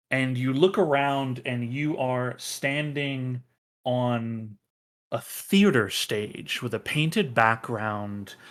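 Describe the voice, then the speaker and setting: A man's voice: medium pitch, a bit bright. A man narrating a tabletop game as game master, hesitant with many fillers.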